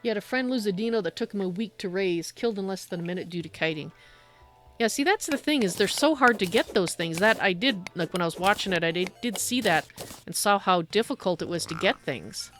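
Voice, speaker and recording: A woman's voice: medium pitch, animated, a little fast, a bit bright, faint music behind. A woman livestreaming a game, giving blunt, opinionated and sardonic commentary as she plays. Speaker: livestream gamer. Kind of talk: casual gameplay commentary.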